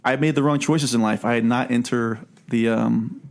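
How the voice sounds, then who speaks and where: A man hosting a casual book podcast, talking in a chatty, animated way with many restarts. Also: medium pitch, moderate pace, vocal fry. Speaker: podcast host.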